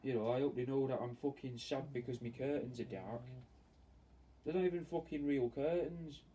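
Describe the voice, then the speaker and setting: A man's voice: medium pitch, moderate pace, dark tone. A man chatting casually and meandering, swearing freely while he works on a taxidermy piece for fans. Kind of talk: casual rambling chat while working. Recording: distant mic with faint ambient noise.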